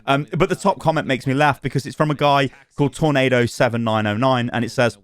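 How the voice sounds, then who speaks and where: A man hosting a casual gaming news channel, chatty and animated, laughing at his own asides. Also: medium pitch, fast, few pauses.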